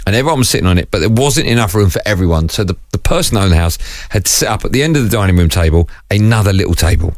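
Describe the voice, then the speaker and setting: A man with a lowish voice tells a story to his co-host, his pitch rising and falling a lot as he goes. He laughs through his own anecdote, and the sound is close and dry with no room around it. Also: very fast, hardly any pauses, no echo. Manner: laughing, animated anecdote-telling. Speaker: podcast co-host. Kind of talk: casual chat, storytelling.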